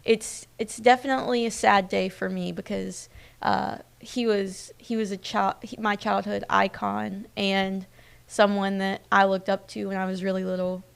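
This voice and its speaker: A woman's voice: medium pitch, little pitch movement, moderate pace, vocal fry, smooth. A woman in her twenties hosting a streamed local news show, talking in a chatty, personal way with many fillers. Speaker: news host. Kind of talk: casual live-stream news chat.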